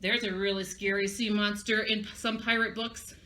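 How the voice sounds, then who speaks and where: A woman's voice: mid-range voice, flat delivery, normal speed, pushed and bright. A woman leading a children's lesson in an upbeat, sing-song way, asking young listeners to repeat words after her. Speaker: children's library presenter. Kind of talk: children's craft and vocabulary lesson.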